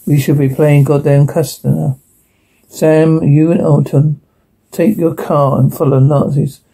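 A blunt police boss barking curt orders in a TV crime drama. His voice is low, dark and mellow, with a gravelly, husky grain. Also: level tone, unhurried, heavily acted, rough recording. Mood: commanding. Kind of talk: television crime drama acting.

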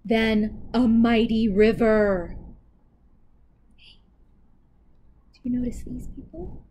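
A woman librarian reading a children's picture book aloud in a dramatic, expressive way, with asides to young listeners. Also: fairly high pitch, slow, a little hiss or hum, poor audio.

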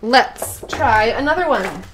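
A woman's voice: fairly high pitch, lively intonation, slow pace, a bit bright, a little hiss or hum. A woman teaching a children's rhythm lesson, chanting rhythm syllables and encouraging the class. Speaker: music teacher.

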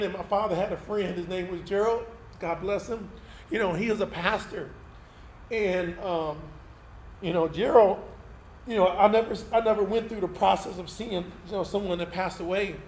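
Male pastor, fairly high voice, conversational testimony sermon, roomy hall with a faint hiss underneath. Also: fairly even intonation, normal speed. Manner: candid, conversational, tag questions like "right?". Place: event hall used for Sunday service.

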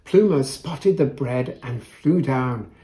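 A man reading a picture book aloud to children, gentle and showing the pages. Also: medium pitch. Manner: gentle, unhurried, shows the pages. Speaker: storyteller.

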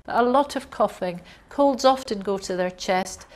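A woman teaching a class in a patient, explanatory way. She speaks at an ordinary middle pitch, stumbling over fillers now and then and acting out the symptoms she describes. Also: moderate pace. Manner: explanatory, acts out coughs and gasps, uses fillers. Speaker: homeopathy lecturer. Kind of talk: recorded lecture.

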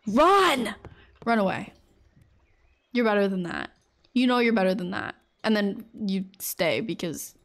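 A woman streamer chatting casually with her viewers while she plays, rambling and full of "like". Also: a little high. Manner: chatty, rambling, full of "like", acts out little scenes for chat. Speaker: Twitch streamer. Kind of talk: casual live-stream chat while gaming.

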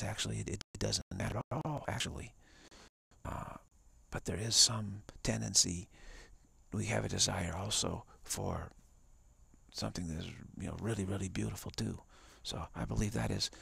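A man's voice: on the low side, creaky, a bit bright, slightly rough. A man giving a live-streamed spiritual talk as a teacher, emphatic and repetitive, often dropping into whispers.

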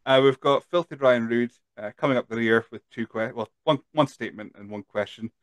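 A man's voice: medium pitch, fairly quick, no room sound. A Scottish man hosting a podcast, chatty and tired, reading out listener questions with lots of fillers. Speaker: podcast host. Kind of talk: casual chat.

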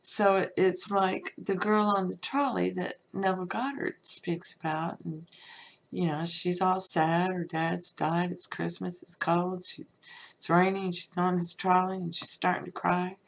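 Woman podcast host, slow rambly talk, low-ish gravelly voice, lots of "you know". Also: fairly even intonation, slight background noise. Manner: rambling, conversational, frequent "you know" fillers. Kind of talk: casual spiritual teaching talk.

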